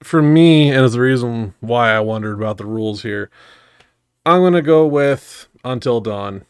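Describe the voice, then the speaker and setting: A young man co-hosting a podcast who talks casually and quickly, with frequent swearing. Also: medium pitch, clean tone, dry recording, studio quality. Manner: swears casually, fast and animated. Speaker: podcast co-host. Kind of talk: casual chat.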